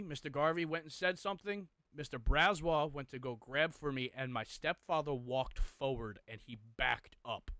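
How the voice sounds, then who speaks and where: A man's voice: on the high side, pushed and bright, clear, resonant tone, dry recording. A young man co-hosting a podcast, intensely retelling a personal story with heavy swearing. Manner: profane, intense, emotional retelling. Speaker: podcast co-host.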